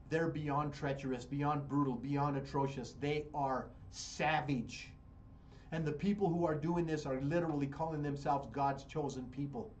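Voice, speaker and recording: An American radio host with a fairly high voice delivers fiery political commentary, repeating phrases for emphasis. There's slight background noise.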